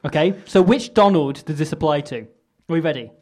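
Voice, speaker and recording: A young man hosting comedy banter, with a slightly raised pitch. He rambles with lots of ums and giggles at his own puns. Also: a little fast, darkish tone. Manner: rambling, self-mocking, giggly. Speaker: comedy podcast host.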